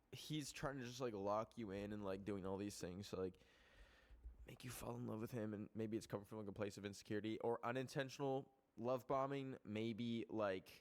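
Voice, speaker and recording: A young man hosting a casual podcast, rambling with lots of filler words and swearing, jumping from loud outbursts to soft muttered asides. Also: mid-range voice. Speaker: podcast host.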